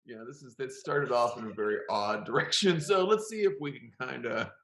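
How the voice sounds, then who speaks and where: A man's voice: mid-range voice, lively intonation, fairly quick, fairly bright tone. A man co-hosting a podcast in casual chat, joking and laughing often. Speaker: podcast co-host. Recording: roomy echo.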